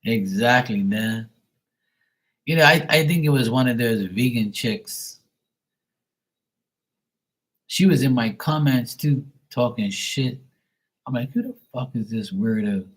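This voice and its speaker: A man's voice: mid-range voice, slow, pauses often. A man hosting a livestream, chatting casually and bluntly with viewers and swearing freely. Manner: profane, blunt, talks back to viewers. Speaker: livestream host.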